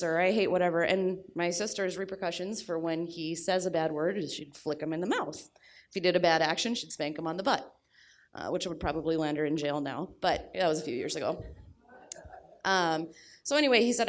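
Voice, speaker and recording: A young adult woman telling a personal story at a live storytelling event, blunt and crude with deadpan humor. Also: sits low.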